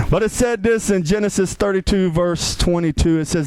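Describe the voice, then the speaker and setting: High-voiced pastor preaching a lively sermon. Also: male voice, moderate pace, few pauses, low-quality recording. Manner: lively, conversational, asks the congregation questions.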